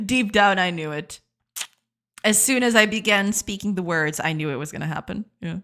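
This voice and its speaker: A woman's voice: medium pitch, normal speed, a bit bright. Woman, live-stream chat, giggly, self-deprecating, stammering. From not from the United States. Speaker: game developer streamer.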